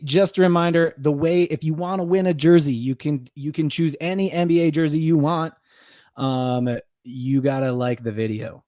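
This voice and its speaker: A man with a mid-range, slightly mellow voice hosts a podcast, recorded cleanly in a studio with no echo. He chats casually about a game and runs a watch-party giveaway, laughing easily and getting upbeat when announcing prizes.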